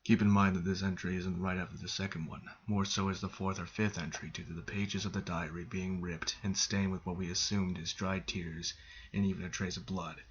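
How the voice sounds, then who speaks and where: A man narrating a creepypasta reading in a flat, measured way. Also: low-pitched, muffled recording, slight background noise.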